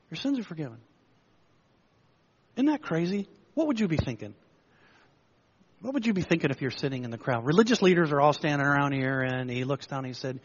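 Storytelling preacher man, husky. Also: fairly high pitch, a little fast, highs cut off. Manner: storytelling, lively, acts out the crowd's lines. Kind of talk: sermon.

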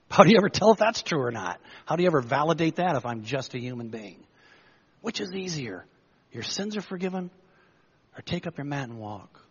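Storytelling preacher man, husky. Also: mid-range voice, highs cut off. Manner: storytelling, lively, acts out the crowd's lines. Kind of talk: sermon.

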